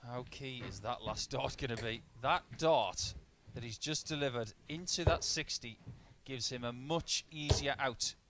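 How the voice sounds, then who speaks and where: A man giving live darts commentary, breaking down averages, doubles and shot choices as play unfolds. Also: mid-range voice. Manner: analytical, stat-heavy play-by-play. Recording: noisy line with clicks.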